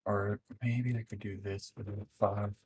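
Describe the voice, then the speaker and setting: A man's voice: lowish voice, level tone, measured pace, darkish tone, a little hiss or hum. A man chatting casually with fellow server admins while working on a game map, laid-back and swearing freely.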